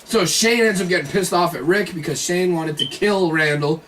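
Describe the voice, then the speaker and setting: A man's voice: sits high, normal speed, a bit bright. A young man in casual podcast chat, rambling and swearing as he recaps scenes and acts out the characters' lines. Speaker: podcast host. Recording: roomy sound from a distant mic with faint hiss.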